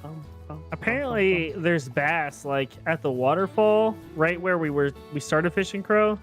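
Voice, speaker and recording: A man with a fairly high voice ribbing his friends with dry sarcasm as they play together. Quiet game music sits underneath. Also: expressive, normal speed. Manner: teasing, dryly sarcastic. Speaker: co-player in an online game. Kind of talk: casual gaming chat with friends.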